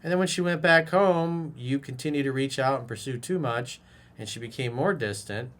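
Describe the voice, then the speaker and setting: A dating coach reacts to a viewer's message in a casual advice monologue, addressing the listener directly with blunt, profane bro-talk and scolding them like a buddy. His voice is medium-pitched, a bit bright, at normal speed.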